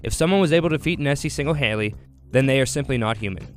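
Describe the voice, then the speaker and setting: A man's voice: medium pitch, lively intonation, very fast. A young man narrating his own food challenge in a dramatic, grandiose documentary style. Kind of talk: mock-epic documentary narration.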